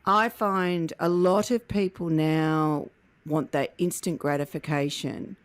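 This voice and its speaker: A woman's voice: low-pitched, fairly even intonation, takes it slowly, smooth, no echo. A woman hosting an interview, talking earnestly and reflectively about emotions. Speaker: podcast host.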